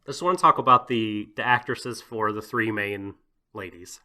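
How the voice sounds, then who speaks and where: A man's voice: on the low side, moderate pace, bright, forceful tone. A man co-hosting a podcast, talking casually in a rambling way with lots of "like" and "you know" and frequent laughter. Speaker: podcast co-host.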